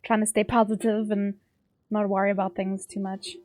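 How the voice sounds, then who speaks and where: A woman's voice: medium pitch, little pitch movement, moderate pace, darkish tone, no room sound, faint music behind. A woman with a South African accent, chatting casually and rambling with frequent laughs while she streams a game from home. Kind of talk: casual chat while playing.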